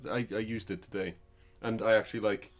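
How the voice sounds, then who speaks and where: A man's voice: fairly low pitch, steady tone, brisk, faint music behind. A man taking part as a player in a tabletop game, answering in character in a mild, plain way.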